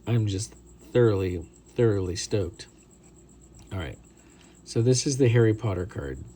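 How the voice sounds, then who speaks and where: A middle-aged man with a lowish voice talks through a card-pack opening in a loose, rambling vlog style. He gets excitable and pokes fun at himself. Faint crickets chirp behind him. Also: a little slow, slight background noise. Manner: rambling, excitable, chatty, self-deprecating. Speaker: card collector opening booster packs. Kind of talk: casual hobby vlog commentary.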